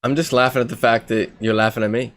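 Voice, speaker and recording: A man putting on a mock English accent for a comedic podcast bit, deadpan and feigning innocence. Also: mid-range voice, fast, no room sound, clean studio sound, close to an everyday voice. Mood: deadpan, innocent. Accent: English, put on. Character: mock posh English bloke, man, insists nothing changed.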